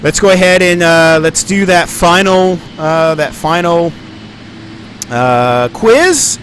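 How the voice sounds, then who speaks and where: A man's voice: a little high, lively intonation, slow, fairly bright tone, a little hiss or hum. A man giving live stream commentary on a flight simulator, rambling and thinking aloud with plenty of ums and uhs.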